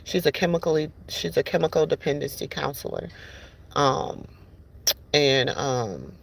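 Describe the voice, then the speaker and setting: A woman's voice: deep voice, a little slow, creaky. A woman hosting a talk show, chatting casually and calling her listeners "y'all" and "baby" as she tells a story. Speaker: podcast host.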